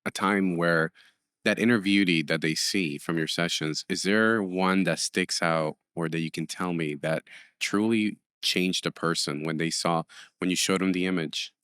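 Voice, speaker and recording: A man hosting a podcast, asking curious, gentle interview questions. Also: low-pitched, steady tone, normal speed, smooth, no echo, clean studio sound. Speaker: podcast host.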